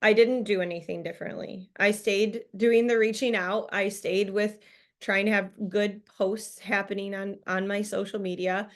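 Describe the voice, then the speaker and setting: A woman's voice: medium pitch, fairly even intonation, normal speed. Chatty woman leading a video call. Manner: chatty and upbeat, many fillers and laughs. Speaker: team leader presenting a business training call. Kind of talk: casual motivational talk.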